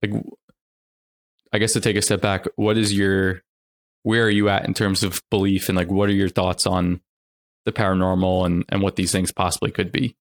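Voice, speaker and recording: Low-voiced male podcast host. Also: little pitch movement, moderate pace. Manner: thoughtful, searching for words. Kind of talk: conversational interviewing.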